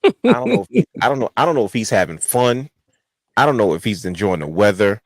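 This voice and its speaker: A man co-hosting a wrestling podcast, telling a long-winded story with animated quotes. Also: lowish voice, fairly quick, no room sound. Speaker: podcast co-host. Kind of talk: casual chat.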